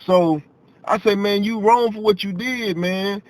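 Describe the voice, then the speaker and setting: A man talks casually to his viewers. He repeats phrases for emphasis and acts out conversations as he recounts a story in a loose, animated style. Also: sits high, unhurried, no room sound, poor audio. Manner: animated, repeats himself, quotes others in dialogue. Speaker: vlogger telling a personal story.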